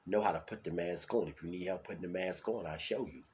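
Deep-voiced new york guy running his own podcast, loud and hyped one sec, mumbling the next. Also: quick pace, a little hiss or hum. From New York City. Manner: loud, hyped, swings between shouting and mumbling. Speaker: podcast host. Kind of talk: solo podcast monologue.

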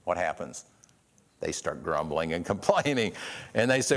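A man's voice: fairly low pitch, lively intonation, moderate pace, creaky, fairly bright tone. A man preaching a sermon in a conversational way, acting out the quotes he tells with changes in his voice. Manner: conversational, acts out quotes with shifts in voice. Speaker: pastor.

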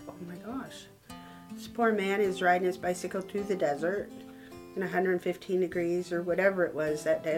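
A woman in her sixties from Texas, a motel manager telling heartfelt stories in a casual interview. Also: on the low side. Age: 60s. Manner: emotional, heartfelt.

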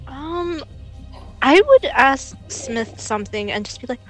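A woman plays her character in a tabletop game, speaking in a polite, formal manner. Her voice is on the high side. Background music plays softly. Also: big pitch swings, takes it slowly, poor audio. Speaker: player.

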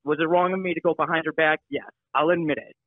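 A man talking casually over a phone call, halting and restarting as he explains and apologizes. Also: fairly high pitch, steady tone. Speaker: show regular. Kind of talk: casual chat. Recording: tinny phone line.

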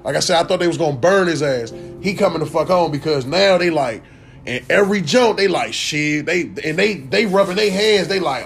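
Young man, vlogger, casual profane rant, rambling, slightly high voice, faint music behind. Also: normal speed, creaky.

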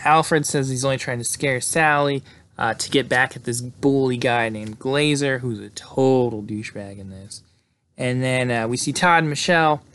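A man's voice: mid-range voice, fairly bright tone. Rambling man recapping a movie. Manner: rambling, lots of "like" and "uh", laughs often. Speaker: podcast host recapping a film.

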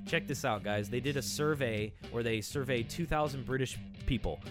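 A man's voice: mid-range voice, normal speed. Chill american guy cohosting a podcast, reads off news lists, guitar music playing underneath. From United States. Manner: laid-back, reads lists aloud, laughs often. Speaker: podcast co-host. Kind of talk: casual chat reading news items.

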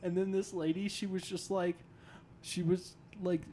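A young man casually telling a funny story among friends, getting loud and high when he gets excited. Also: moderate pace, a little hiss or hum.

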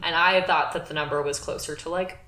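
A young woman with a low voice talks candidly through a personal story, chatty and full of fillers. Her voice carries a noticeable roomy echo. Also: fairly even intonation, fast, sharp tone. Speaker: podcast co-host. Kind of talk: casual storytelling chat.

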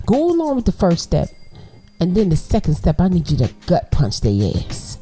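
A woman's voice: medium pitch, a little fast, faint music behind. A woman hosting a casual solo podcast, telling a story bluntly and with plenty of cursing, speaking straight to her listeners. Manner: blunt, profane, animated storytelling; talks straight to listeners as y'all. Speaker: podcast host.

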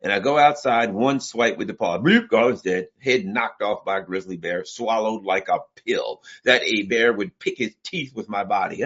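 A man delivers blunt, animated commentary, building comic analogies and slipping into voices as he goes. His voice is husky and swings widely in pitch. The recording is dull and lo-fi. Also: moderate pace. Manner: blunt, storytelling, acts out voices. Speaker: political commentator.

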